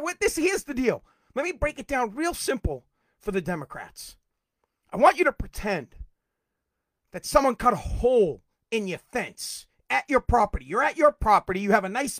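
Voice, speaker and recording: High-voiced, heated man ranting. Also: no room sound, clean studio sound. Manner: heated, profane, shouts at times. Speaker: podcast host. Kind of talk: political rant.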